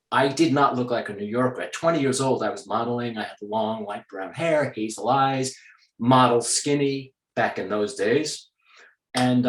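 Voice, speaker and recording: A male actor being interviewed who explains his craft at length in a lively conversational way. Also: mid-range voice. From New York. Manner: explanatory, breaks into accent demonstrations. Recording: roomy echo.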